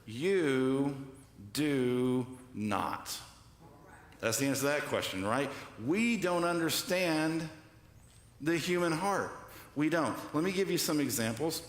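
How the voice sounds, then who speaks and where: A man's voice: a little high, lively intonation, takes it slowly. A man preaching a sermon as pastor, conversational and joking, asking the congregation to answer back. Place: church hall. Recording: echoey hall with long reverb.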